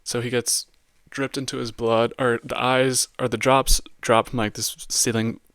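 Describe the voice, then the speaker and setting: Flat-voiced casual male movie reviewer. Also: mid-range voice, measured pace, no room sound, clean studio sound. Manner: casual, heavy use of "like" and slang. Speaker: podcast host reviewing a film.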